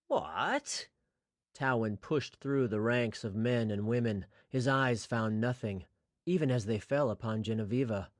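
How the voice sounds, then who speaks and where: A man narrating a fantasy audiobook in a steady, scripted storytelling voice. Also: medium pitch, no echo, clean studio sound.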